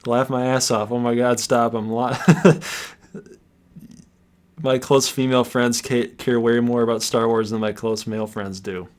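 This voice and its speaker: A man's voice: mid-range voice, little pitch movement, measured pace, darkish tone. A man in his thirties hosting a livestream, talking in casual, sarcastic banter and laughing often. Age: 30s. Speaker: livestream host.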